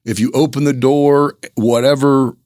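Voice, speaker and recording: A man's voice: mid-range voice, steady tone, measured pace, darkish tone, dry recording, studio quality. A man hosting a podcast, chatting casually and easygoing, swearing now and then and laughing often. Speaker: podcast host. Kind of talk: casual interview chat.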